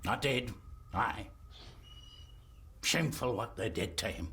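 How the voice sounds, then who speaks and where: An actor playing an eerie, brooding old blind groundskeeper with a Scottish accent in a video game. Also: male voice, on the low side, animated, bright, forceful tone, slight background noise, full character voice. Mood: ominous. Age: older. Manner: slow, ominous, brooding.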